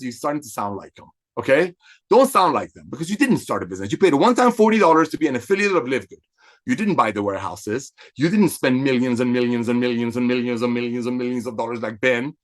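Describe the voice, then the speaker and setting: A man coaching network marketing, acting out phone calls and repeating key phrases for emphasis. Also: on the high side. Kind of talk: coaching talk with role-played phone calls.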